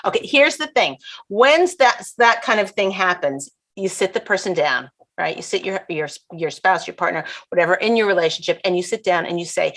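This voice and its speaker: A woman's voice: fairly low pitch, animated, normal speed, a bit bright. A woman hosting a comedic advice game show, chatty and full of asides, acting out little scenes as she explains. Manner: chatty, acts out little scenes with quoted voices; frequent restarts and asides.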